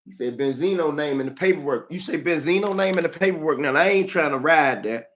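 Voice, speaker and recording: Animated, bright-voiced DC man ranting. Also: a little high, brisk, lo-fi sound. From Washington, DC. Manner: animated, mocking, streetwise banter. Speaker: live-stream host. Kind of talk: live-stream commentary.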